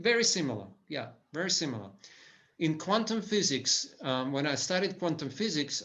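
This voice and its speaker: A man's voice: fairly high pitch, a bit bright, dull audio. A man giving a lecture to business leaders in an enthusiastic way, often restarting his sentences and adding "right?" tags. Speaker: business speaker.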